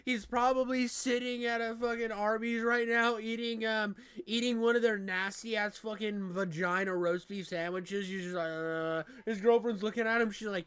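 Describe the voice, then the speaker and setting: A man hosting a reaction video, loud and profane, mocking what he watches and swinging from shouts to mutters. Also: high-pitched, steady tone, moderate pace, hardly any pauses, clean tone, no room sound. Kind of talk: crude comedic reaction commentary.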